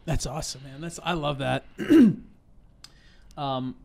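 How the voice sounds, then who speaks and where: A man's voice: a little high, big pitch swings, slow pace, vocal fry, darkish tone. Man hosting an interview. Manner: attentive listener with short encouraging replies. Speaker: interview host. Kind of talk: interview conversation.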